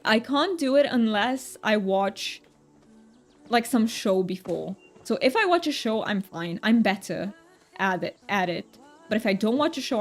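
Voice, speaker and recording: A woman streamer chatting casually while gaming, reading her chat aloud, answering viewers and laughing often. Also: on the high side.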